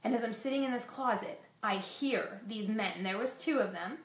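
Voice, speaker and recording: A woman's voice: on the high side, normal speed, reverberant. A woman frankly recounting a frightening personal experience to her viewers, with self-deprecating asides. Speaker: fitness vlogger sharing a personal story. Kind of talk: candid personal storytelling.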